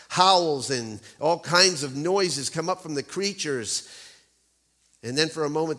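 Casting: male preacher, bright forceful delivery, dramatic storyteller, long church reverb. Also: mid-range voice. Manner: dramatic storytelling, vivid emphasis on key words. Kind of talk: sermon.

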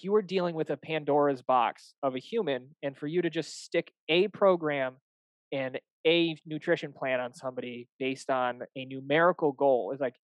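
A young man talks shop as a fitness coach, animated and loose, slipping into quick acted-out exchanges with clients. His voice sits a touch high for a man. The sound is dry and close with no room around it. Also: no echo, lo-fi sound. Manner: animated, acts out client dialogues, swears casually. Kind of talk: casual podcast chat.

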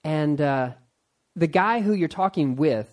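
A man who is a pastor, hosting a casual podcast interview, excitable and quick to laugh as he rambles through stories. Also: a little high.

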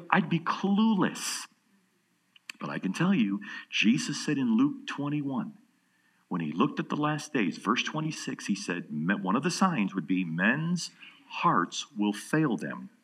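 A man preaching a sermon with lively delivery, dropping to hushed tones and rising to loud emphasis. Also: mid-range voice, measured pace, breathy edge. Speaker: pastor.

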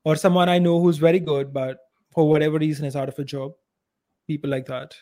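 He's a podcast co-host with an Indian accent, a voice on the high side, and a flat, brisk delivery. The casual conversation finds him blunt and full of strong opinions, his volume uneven.

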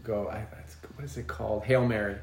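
A man with an average-pitched voice co-hosts a casual chat, wandering through his points with lots of ums and restarts. The sound is roomy and echoey. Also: steady tone, fast talker, vocal fry, darkish tone. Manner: rambling, many ums and restarts. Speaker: podcast co-host.

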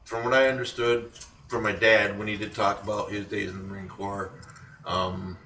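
Bright-voiced guy rambling on a podcast, kinda far from the mic, echoey room. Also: on the low side, level tone, normal speed, slight background noise. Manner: rambling, with frequent ums and restarts. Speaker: podcast co-host. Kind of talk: casual chat.

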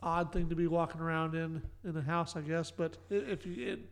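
A man's voice: a little high, flat delivery, brisk. A man co-hosting a casual podcast, recapping an episode with dry, joking asides. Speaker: podcast co-host.

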